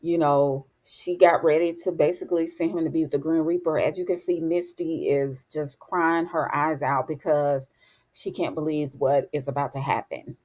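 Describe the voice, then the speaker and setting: A woman's voice: low voice, fairly even intonation, normal speed, a little mellow. A woman hosting a TV episode recap, telling it in a chatty, storytelling way, full of fillers and asides. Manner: chatty storytelling, lots of "you know" and "honey". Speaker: TV recap host.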